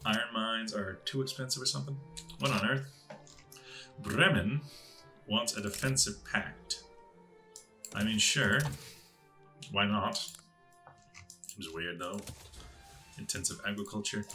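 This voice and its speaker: A man's voice: fairly low pitch, bright, forceful tone. A man casually talking himself through a strategy game, musing aloud with puzzled asides. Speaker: gaming channel host.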